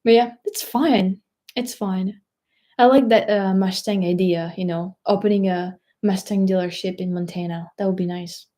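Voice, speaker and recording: A woman's voice: mid-range voice, steady tone, normal speed, mellow. A French woman with a French accent hosting a casual livestream, rambling, searching for words and laughing often. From France. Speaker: vlogger host.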